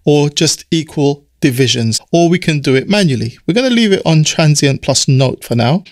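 A man with a croaky voice, explaining music production software step by step in a relaxed tutorial. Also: fairly high pitch, moderate pace, dry recording, studio quality. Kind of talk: screen-recorded software tutorial. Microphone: studio mic through audio interface.

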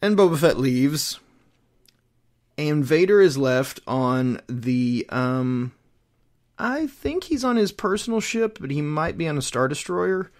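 A man's voice: on the high side, sing-song, slow pace. A man casually retelling a comic book storyline, rambling with plenty of fillers and restarts. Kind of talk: casual chat.

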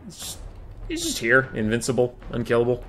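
Brief: male game commentator, bright voice, relaxed and rambling tone, faint background music. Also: mid-range voice, a little fast. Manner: rambling, amused, easygoing.

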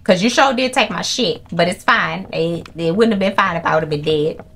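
A young woman commentating her horror gameplay, excitable and profane, with jumpy reactions. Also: lowish voice, fairly quick, slight background noise. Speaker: gaming channel host. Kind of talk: live horror game commentary.

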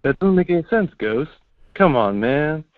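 A man's voice: fairly high pitch, lively intonation, normal speed, no echo. Stoned male caller on a tinny phone line. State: high on edibles.

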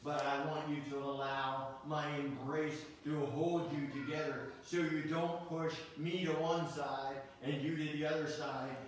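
A middle-aged man preaches from a pulpit with an earnest manner, stopping often to ask his listeners questions. His voice sits a little high for a man. He is picked up from a distance in a very echoey church sanctuary, with a faint hiss behind him. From United States. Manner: earnest preaching with rhetorical questions and frequent restarts. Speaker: pastor. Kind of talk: sermon.

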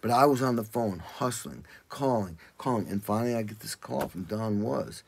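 An older man, a drummer, telling animated stories in a casual interview and acting out what people said. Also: moderate pace, gravelly, slight background noise. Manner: animated, acts out quotes in loud high voices.

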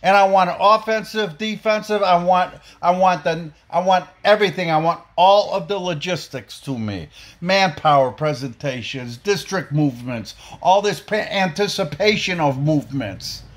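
A man's voice: high voice, normal speed, hardly any pauses. Heated, profane man ranting. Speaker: podcast host. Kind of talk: angry opinion rant.

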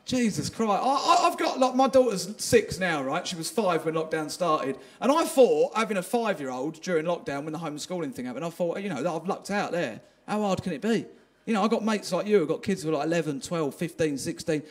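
Stand-up guy, really high voice for a man, crude self-mocking banter with the crowd at a live gig. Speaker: stand-up comedian. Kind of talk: stand-up set with crowd work. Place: live comedy venue with audience.

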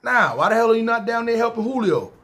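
A man's voice: very high voice, sing-song, fast talker, a bit bright, voice pushed up, heavily acted. A New man, quoting his bossy restaurant manager in a blunt, cursing voice while telling a story. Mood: scolding. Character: gruff male restaurant manager, bossy and doubting.

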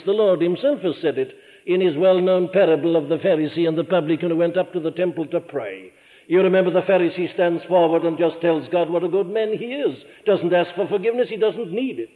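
An older Welsh preacher delivers an earnest sermon that swells into fervent emphasis and sinks to hushed lows. His voice sits fairly high. It comes through a thin, tinny archival recording with a long reverb trailing behind him in a large hall. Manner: earnest, rising to fervent emphasis then dropping low.

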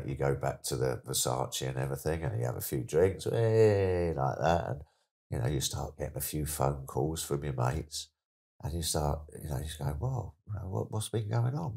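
A middle-aged man with a deep, low voice tells his stories in a loose, chatty way. He is an interview guest who keeps sliding into lively, excited voices when he acts out what people said. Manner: chatty, animated anecdotes, slips into excited put-on voices. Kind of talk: casual storytelling interview.

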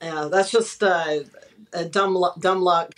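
A woman's voice: lowish voice, takes it slowly, a bit bright, poor audio. A woman from East Texas, an author guest in a casual interview, modest and easygoing, trailing off with fillers.

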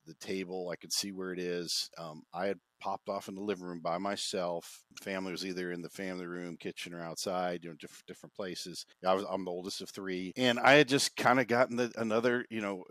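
A man's voice: low-pitched, a bit bright, no echo. A man as a podcast guest, telling a personal story in a reflective, rambling way with many restarts, over a video call. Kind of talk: casual conversational storytelling.

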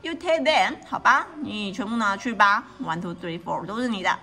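A woman's voice: mid-range voice, fairly quick, bright, forceful tone. A woman reading a storybook aloud to a child, explaining each page and often asking the child questions. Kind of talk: bilingual read-aloud.

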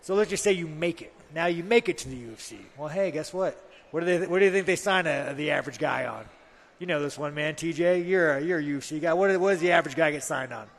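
A man's voice: on the high side, fast, in a large hall. A man, a pro fighter on a live talk show, telling stories bluntly and with plenty of swearing. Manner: blunt, profane, rambling storytelling. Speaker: fighter guest. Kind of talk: casual chat.

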